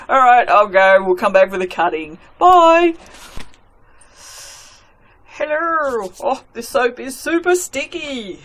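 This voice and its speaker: Young woman gushing over soap, slow chatty delivery, voice jumps all over. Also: on the high side, lively intonation, a bit bright. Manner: gushing, self-mocking, chatty with her cat. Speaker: soap maker. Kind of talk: casual chat while cutting soap. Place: cold workspace at night.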